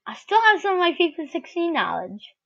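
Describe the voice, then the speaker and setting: A woman's voice: very high-pitched, sing-song, a little fast, vocal fry, a bit bright, highs cut off. A woman doing casual game commentary while opening card packs, swearing freely and shrieking whenever a good player shows up. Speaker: gaming video creator.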